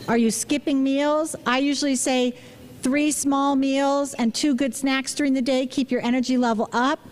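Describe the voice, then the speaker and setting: High-voiced woman giving a talk. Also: darkish tone. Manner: engaging, asks the audience questions; frequent restarts and "you know" fillers. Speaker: physician giving a public talk. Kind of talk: public talk to an audience.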